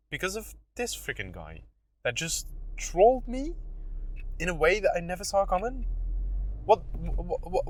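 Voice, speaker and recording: A young man hosting a solo podcast, telling a story in a casual, animated way. He acts out the people he quotes and laughs often. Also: a little high, no echo. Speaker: podcast host. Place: in a car.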